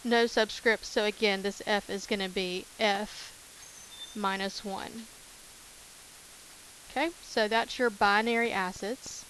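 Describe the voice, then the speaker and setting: A woman's voice: mid-range voice, fairly even intonation, takes it slowly, pauses often, fairly bright tone, a little hiss or hum, poor audio. A woman teacher talking through chemistry notes in a casual way, repeating key terms with many fillers. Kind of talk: recorded lecture over notes.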